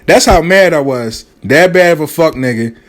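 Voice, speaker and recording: A man telling a story casually, animated and profane, acting out the people he quotes. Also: on the high side, moderate pace.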